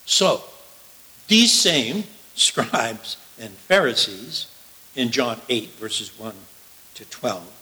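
A male preacher giving a sermon and reading scripture, emphatic, swinging from loud declarations to hushed asides. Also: medium pitch, sing-song, extremely slow, low-quality recording.

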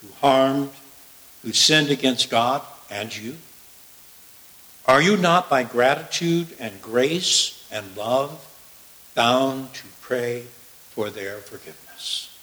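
Male preacher, sermon, emphatic, bright, forceful tone, drops to hushed asides. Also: medium pitch, animated, slow, rough recording. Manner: emphatic, swings from loud declarations to hushed asides. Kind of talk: sermon with scripture reading.

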